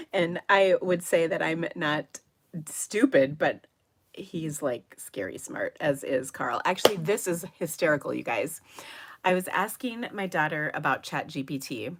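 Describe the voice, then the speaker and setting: Chatty middle-aged woman, low voice. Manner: rambling and chatty, with frequent laughs and soft asides. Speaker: papercraft livestream host. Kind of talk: casual livestream chat. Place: her home.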